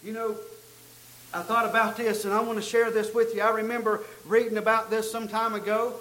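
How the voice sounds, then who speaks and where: A man preaching a sermon, telling a story and building to loud, emphatic peaks. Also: high-pitched, echoey room, rough recording. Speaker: pastor.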